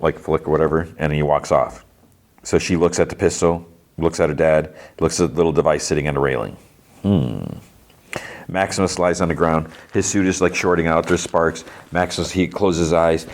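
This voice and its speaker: Man, very low voice, podcast host, loose rambling recap, lots of fillers. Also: darkish tone. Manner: rambling, filler-heavy retelling with quick quoted lines. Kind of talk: casual episode recap.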